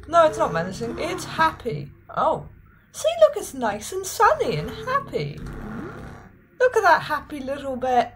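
A woman's voice: high voice, a bit bright, slight background noise, low-quality recording. A woman commenting on a video game as she plays, talking to the characters in a mock-cheerful, coaxing way. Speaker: gaming video host. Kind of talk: let's play commentary.

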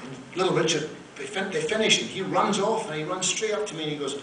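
A singer-songwriter trades profane, self-mocking stories as onstage banter during a live concert at a theater. His high-pitched voice moves fast, captured on a distant stage mic in an echoey hall with a loud crowd and noisy background.

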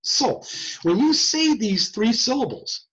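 A man with an extremely high voice explains hearing science slowly and informally, cracking jokes in a lively, conversational style. The screen-share recording sounds muffled.

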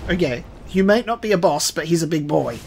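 Excitable swearing gamer man, lively pitch. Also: a little fast, creaky, slight background noise. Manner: excitable, swearing, panicky yelps and laughter. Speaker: gaming streamer. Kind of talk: live let's play commentary.

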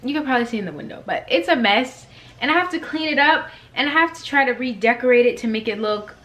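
A woman's voice: on the high side, lively intonation, fast, fairly bright tone. A woman in her twenties chatting casually in a vlog from her bedroom, rambling with lots of ums and likes. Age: 20s. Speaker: vlogger. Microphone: compact camera in front of her.

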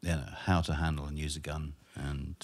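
Deep-voiced quick male host. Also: flat delivery, darkish tone. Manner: encouraging, quick reactions and interjections. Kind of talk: casual interview.

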